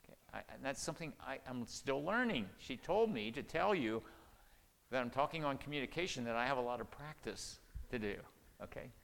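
A man's voice: medium pitch, lively intonation, fairly quick, gravelly, fairly bright tone. An older man giving a folksy, conversational sermon, chuckling and acting out quoted lines. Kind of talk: sermon on marriage communication. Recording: long hall reverb.

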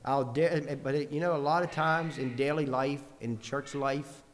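A man's voice: mid-range voice, fairly even intonation, measured pace, in a large hall, a little hiss or hum. A man preaching a sermon in an earnest way, building long lists with rising emphasis.

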